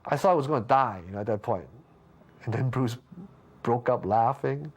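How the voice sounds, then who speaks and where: A man being interviewed, casually telling a story with lots of restarts and stammers, jumping up in pitch when he acts out what people said. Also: moderate pace, husky. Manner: lively anecdote with frequent restarts and stammers; acts out quoted lines with big pitch jumps.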